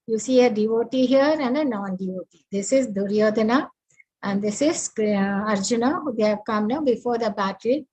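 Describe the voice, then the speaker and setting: A woman teaching an online scripture class over a video call, unhurried and full of fillers as she walks through her slides. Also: fairly high pitch, dark tone, a little hiss or hum, rough recording. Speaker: spiritual teacher.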